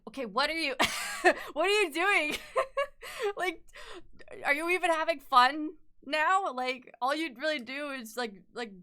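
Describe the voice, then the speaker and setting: A woman's voice: a little high, sharp tone, clean tone. A young woman streaming while she draws, rambling in casual chat, swearing freely and laughing often.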